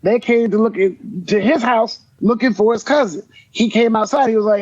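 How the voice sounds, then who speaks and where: Very high-voiced man on a dull mic. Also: normal speed, few pauses, dry recording. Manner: profane storyteller quoting others loudly. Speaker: podcast co-host. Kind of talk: casual storytelling chat.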